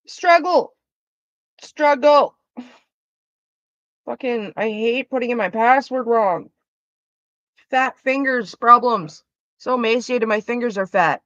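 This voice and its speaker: A woman's voice: fairly high pitch, normal speed, pushed and bright, no room sound, lo-fi sound. A woman chatting casually on a live stream, rambling and swearing through her asides.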